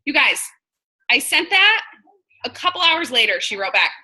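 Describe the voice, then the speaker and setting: Woman, 30s, from New York, blunt and chatty team coach, bright and fairly high voice. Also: very animated, a little fast, rough recording. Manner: chatty, blunt, acts out quoted dialogue. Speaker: direct sales team leader. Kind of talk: casual coaching talk on a live video.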